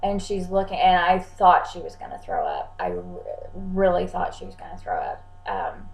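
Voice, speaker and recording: A woman's voice: fairly low pitch, wildly swooping pitch, normal speed, vocal fry, echoey room, poor audio. A woman who works as a psychic channeler gives casual advice to clients, talking freely, repeating words and acting out what clients say. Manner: chatty, repeats words, acts out clients' lines.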